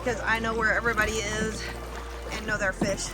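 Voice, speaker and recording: A woman's voice: mid-range voice, flat delivery, a little fast. A woman vlogging a family trip as a mother of seven, candid and chatty, laughing as she talks and calling out directions to her kids. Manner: calls out directions to kids across the water. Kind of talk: casual vlog narration. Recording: background music over the voice.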